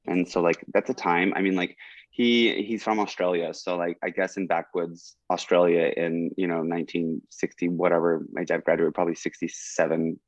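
A man's voice: deep voice, level tone, moderate pace, no room sound, dull audio. A man on a podcast as a guest, talking in a rambling, reflective way with lots of "like" and "um". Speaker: college teacher. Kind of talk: casual conversation. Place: in Oklahoma.

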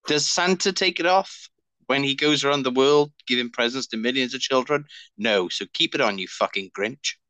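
A man's voice: medium pitch, normal speed, bright, forceful tone, dry recording, poor audio. A middle-aged man co-hosting a podcast in casual banter, jokey and swearing freely, with kids of his own. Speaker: podcast co-host.

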